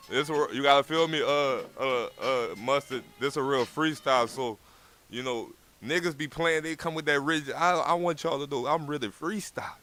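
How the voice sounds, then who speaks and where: Slangy, bright-voiced young man. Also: a little high. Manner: slangy, repeats phrases, nervous laughing. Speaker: rapper guest. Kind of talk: casual chat between freestyle raps. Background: faint beat playing.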